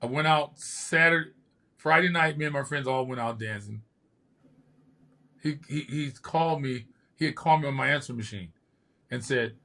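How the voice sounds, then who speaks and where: A man's voice: medium pitch, a little fast. An older man, a podcast host and former bodybuilder, telling stories casually and acting out the quotes. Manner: lively storyteller who acts out quotes. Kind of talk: casual storytelling.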